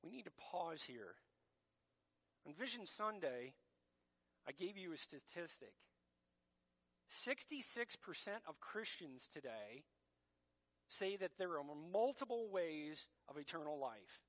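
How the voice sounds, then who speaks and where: A man's voice: high-pitched, sing-song, unhurried, a bit bright. A man preaching a sermon as pastor, emphatic and direct, addressing his congregation as church.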